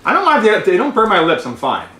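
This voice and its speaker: A man on a hot-seat interview, eating spicy wings with his lips burning, talking in animated bursts with stammered restarts. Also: high-pitched, fast, a crowd in the background. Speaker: interview guest. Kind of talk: casual banter while eating hot wings. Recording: echoey room, distant mic, music.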